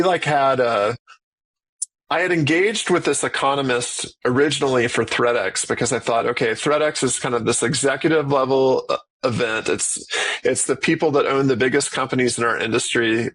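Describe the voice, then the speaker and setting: Relaxed man talking about his conference. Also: mid-range voice, moderate pace, low-quality recording. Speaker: conference organizer. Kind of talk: casual podcast chat.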